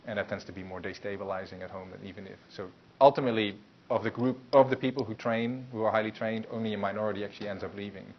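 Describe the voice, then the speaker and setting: A man's voice: on the low side, fairly even intonation, fast talker, hardly any pauses. A man lecturing a university class in a loose, conversational way, with many fillers and restarts. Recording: muffled lecture recording with faint hiss.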